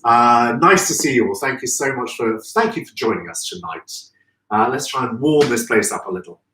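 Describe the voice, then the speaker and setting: A man's voice: medium pitch, animated, normal speed, bright, forceful tone, slight background noise. Effusive chatty man in echoey room. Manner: chatty, effusive, greets viewers by name. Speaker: host of a live florist show. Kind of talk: live-stream chat. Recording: echoey room, distant from mic.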